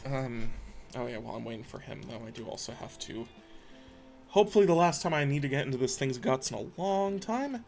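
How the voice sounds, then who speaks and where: A man's voice: medium pitch, sing-song, brisk, gravelly, darkish tone. A young man on a live stream who mutters to himself and swears often. He is stressed and frustrated while he builds something by hand. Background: faint background music.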